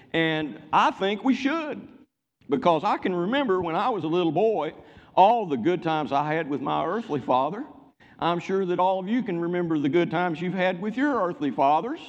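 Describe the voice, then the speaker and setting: An older man preaching a sermon in a church, folksy and joking, calling out for amens from the congregation. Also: fairly high pitch. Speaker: pastor. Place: church sanctuary. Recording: muffled church recording with long reverb.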